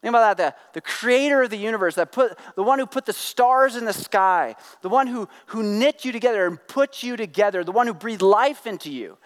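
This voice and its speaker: A man's voice: high voice, a little fast, hardly any pauses. A middle-aged man preaching a sermon to a congregation, conversational and joking, acting out the voices he quotes. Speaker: pastor. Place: church hall with congregation. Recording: long hall reverb.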